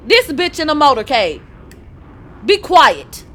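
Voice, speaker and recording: A woman hosting a celebrity gossip livestream. She talks in a brash, profane way, laughs, answers her chat, and swings from low asides to loud outbursts. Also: lively intonation, normal speed. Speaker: host of a celebrity gossip show. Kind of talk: livestream entertainment gossip commentary.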